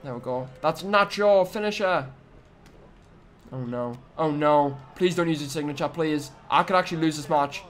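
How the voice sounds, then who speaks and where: A young male gaming YouTuber gives excitable let's-play commentary on a wrestling video game, trash-talking his opponent with sudden loud outbursts. His voice runs on the high side at a normal pace.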